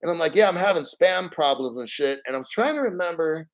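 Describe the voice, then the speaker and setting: A man's voice: fairly high pitch, expressive, fast, rough recording. A man hosting a casual crypto stream, rambling bluntly and swearing freely. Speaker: crypto show host. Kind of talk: casual live-stream rant.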